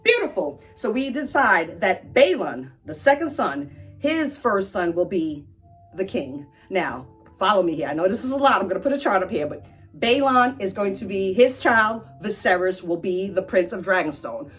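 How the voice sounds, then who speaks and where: A woman's voice: medium pitch, big pitch swings, moderate pace, breathy edge, soft background music. A woman hosting a casual explainer, chatty and irreverent, who swears now and then. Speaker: pop-culture explainer host.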